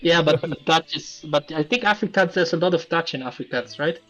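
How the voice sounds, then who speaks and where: A man's voice: on the high side, brisk, fairly bright tone, lo-fi sound, faint music behind. A man hosting a casual live stream, chatting and joking with his guests. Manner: chatty, laughs often, jokes with guests. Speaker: stream host.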